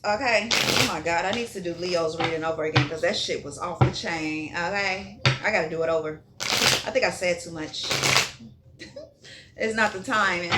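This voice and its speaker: A woman's voice: medium pitch, heavy background noise. A woman giving a casual tarot reading in a blunt, profane way, repeating herself and checking in with "okay?". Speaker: tarot reader.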